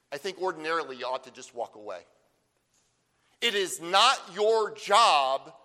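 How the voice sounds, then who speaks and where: A man preaching a sermon, emphatic, with slow stressed phrases and rhetorical questions. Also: fairly high pitch, sharp tone. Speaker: pastor. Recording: long hall reverb.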